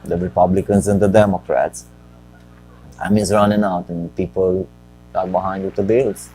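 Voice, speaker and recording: Rambling low-voiced man hosting a show. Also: fairly even intonation, moderate pace, warm tone, low-quality recording. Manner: rambling and joking, talks to himself. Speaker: show host. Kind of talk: casual solo stock-market talk.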